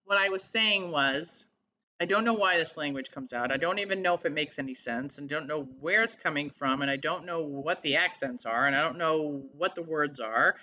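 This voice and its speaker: A woman talking in a casual vlog, earnest and halting as she searches for words. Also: low voice, bright, forceful tone. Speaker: vlogger. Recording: slightly dull lo-fi sound.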